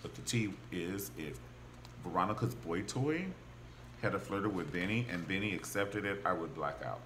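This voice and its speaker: A man casually recapping a TV drama, gossipy and animated, acting out the characters' lines as he goes. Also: low-pitched, normal speed, slight background noise. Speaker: TV show reviewer.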